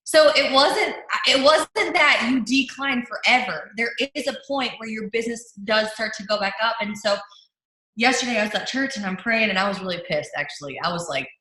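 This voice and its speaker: A young woman, a team leader, telling a story in casual leadership talk over a video call, animated with many restarts and fillers. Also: on the high side, normal speed. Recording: roomy echo.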